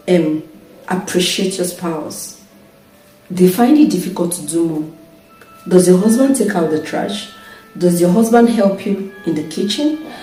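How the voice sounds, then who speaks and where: Brief: married woman vlogger, earnest advice on marriage, low warm voice, distant mic in an echoey room. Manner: earnest, repeats "okay?" often. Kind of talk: casual advice talk to camera.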